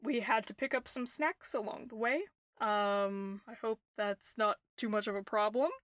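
A woman voicing a huge, strong female orc who speaks plainly and slowly. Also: mid-range voice, fairly even intonation, fairly bright tone, no echo, studio quality, close to an everyday voice. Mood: calm polite.

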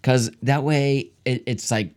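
A man in mid-range pitch co-hosts a casual podcast chat from his family room. He rambles and often starts his sentences over, talking loosely over drinks. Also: fairly even intonation, takes it slowly, a crowd in the background. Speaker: podcast co-host.

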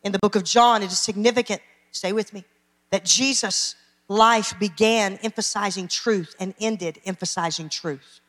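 A woman's voice: medium pitch, fairly even intonation, normal speed, fairly bright tone. A woman pastor, preaching an emphatic sermon and calling out to her congregation. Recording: long hall reverb.

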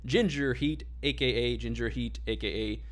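A man's voice: mid-range voice, normal speed. Joking man hosting a podcast. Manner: laughs often, joking. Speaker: podcast host. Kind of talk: casual podcast chat.

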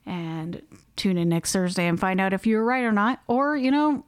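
A woman co-hosting a podcast, chatting casually and telling a story with lively acted-out quotes. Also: mid-range voice, normal speed, clean tone, dry recording, studio quality. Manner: animated storyteller, acts out quotes. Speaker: podcast co-host. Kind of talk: casual chat.

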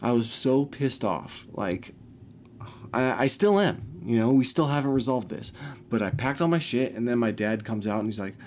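A man's voice: medium pitch, expressive, moderate pace, a little mellow, slight background noise. A young man venting a personal story, agitated and upset, swearing often and restarting his sentences.

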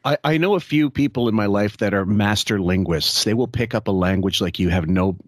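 Low-voiced profane podcast man. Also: brisk, no echo. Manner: profane, mocking, laughs often. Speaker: podcast co-host. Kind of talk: casual podcast banter.

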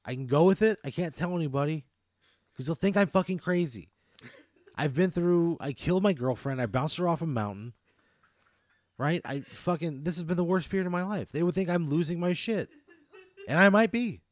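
Casting: man, slightly high voice, fed-up comic rants, dry close mic. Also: normal speed, no room sound. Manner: exasperated, profane outbursts. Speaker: podcast co-host answering a hypothetical. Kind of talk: comedic banter.

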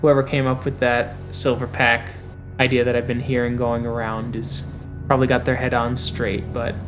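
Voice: medium pitch, flat delivery, over music. A tabletop roleplayer chatting casually and narrating a scene, often trailing off mid-thought. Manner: casual, halting, frequent trailing off.

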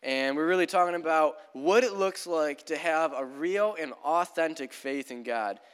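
Young pastor telling a story from the pulpit. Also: male voice, fairly high pitch, moderate pace, clean tone. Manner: casual, storytelling, frequent "like". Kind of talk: sermon. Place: church sanctuary. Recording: long church hall reverb.

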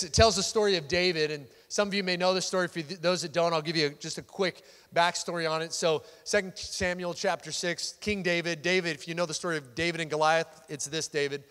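A man preaching a sermon, telling a scripture story with animated, loud swells into worship. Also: fairly high pitch, smooth, long reverb tail. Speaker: pastor.

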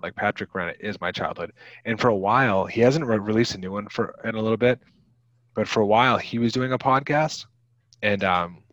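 Rambling through a casual movie podcast with frequent fillers and restarts, this co-host is a man in his thirties whose voice is lowish and a bit bright. There's no echo, and the dull lo-fi podcast mic gives it a muffled quality.

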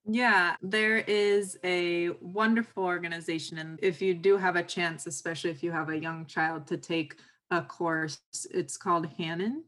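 A woman speaking as a podcast guest who gives parenting advice on speech, explaining patiently and brightening when she acts out example phrases. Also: fairly low pitch, fairly even intonation, moderate pace, few pauses.

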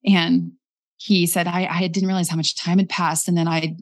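A young woman casually telling a personal story, animated and acting out the voices of the people in it. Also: fairly low pitch, moderate pace. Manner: animated, acts out quoted voices. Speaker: guest telling her story.

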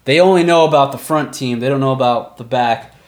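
A man narrating as game master of a tabletop role-playing game, with lively descriptions of the action. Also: medium pitch, brisk. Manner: lively, slips into shouted character voices.

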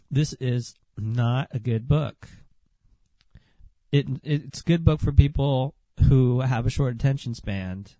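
A man's voice: medium pitch, mellow, no echo. A man hosting a solo podcast rant, sarcastic and dismissive, and sounding a bit under the weather. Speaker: podcast host.

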